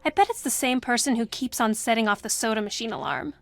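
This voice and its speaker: A woman's voice: on the high side, very animated, fast, vocal fry, no room sound, faint music behind. An actress playing a chatty, bossy teenage girl school monitor who talks in a breezy, gossipy way in a video game. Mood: irritated.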